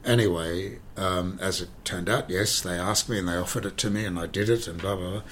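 Aussie actor guy rambling through his stories, lowish voice, faint room hum. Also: fairly quick. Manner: animated anecdotal storyteller, repeats words, rambles. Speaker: actor and interview guest. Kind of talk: conversational interview, storytelling.

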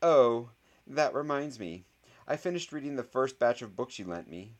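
A man putting on a gleeful, smug schoolgirl. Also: unhurried. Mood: smug teasing. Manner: high, excited, teasing. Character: gleeful bossy young schoolgirl, smug and triumphant.

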